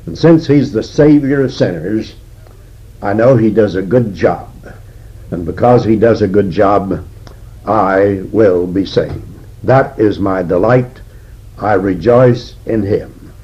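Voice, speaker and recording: Older male Bible teacher, husky and unhurried, deliberate sermon delivery on a dull lo-fi recording. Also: lowish voice. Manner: slow and deliberate, with frequent "uh" pauses. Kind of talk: expository sermon.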